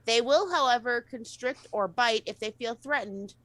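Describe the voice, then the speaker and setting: A woman's voice: a little high, moderate pace, a bit bright, dry recording, low-quality recording. A woman reading odd news stories aloud on a casual show, stumbling and correcting herself as she goes. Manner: reads with stumbles and self-corrections.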